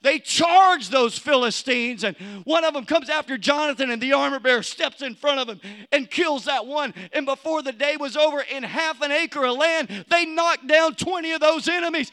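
A man preaches a sermon in a storytelling way. His voice sits very high and sounds bright and sharp. He swings between quiet narration and loud, urgent calls to the congregation. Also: moderate pace. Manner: storytelling, building to shouted exhortation. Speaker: pastor.

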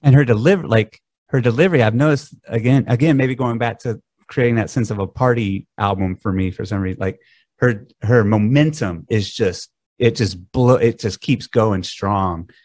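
A man's voice: fairly low pitch, normal speed, a little mellow, no room sound. A man co-hosting a casual chat, reflective and a bit hesitant. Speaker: podcast co-host. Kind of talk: casual discussion.

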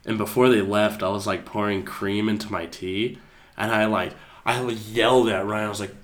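Young man, casual podcast chat, rambling, lots of fillers, animated storyteller, mid-pitched voice. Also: a little fast. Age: young adult. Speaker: podcast co-host.

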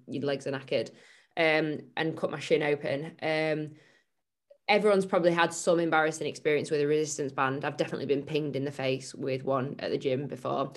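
Chatty low-voiced woman. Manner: chatty storytelling, laughs often. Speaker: podcast co-host and fitness coach. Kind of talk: casual chat.

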